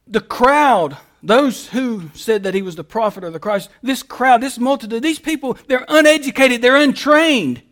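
High-voiced man preaching emphatically. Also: fairly bright tone. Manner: emphatic preaching with repeated lists and rhetorical questions. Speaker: pastor. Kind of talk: sermon.

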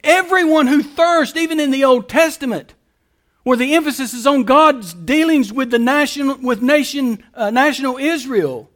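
A man preaching a sermon, moving between quiet, explanatory passages and loud, emphatic calls. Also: extremely high pitch, moderate pace. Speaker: pastor.

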